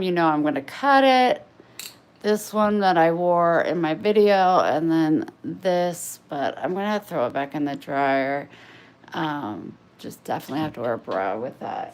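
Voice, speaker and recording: A woman vlogging in casual, rambling chat to camera, often breaking off and restarting, candid about herself. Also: lowish voice. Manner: meandering, self-interrupting, candid. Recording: echoey room with faint ambience.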